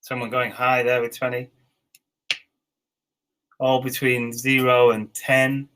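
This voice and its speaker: A man in his forties with an English accent, leading an online teacher training session with slow, clear dictation and encouraging feedback. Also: medium pitch, level tone, fairly bright tone, faint music behind, rough recording. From England. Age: 40s.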